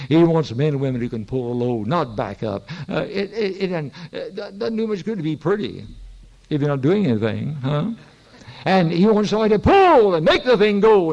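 A man's voice: medium pitch, vocal fry, dark tone, highs cut off. An older man preaching a sermon in a church, telling folksy stories that rise into emphatic preaching. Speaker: pastor.

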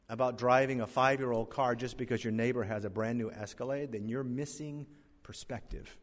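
A male pastor preaching an emphatic sermon, rising to loud peaks and dropping to hushed lows. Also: big-room sound.

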